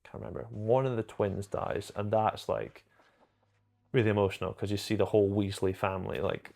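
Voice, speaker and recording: Gravelly low-voiced man rambling. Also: steady tone, normal speed, a little mellow. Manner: rambling, enthusiastic, self-correcting. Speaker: film reviewer. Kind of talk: casual chat to camera.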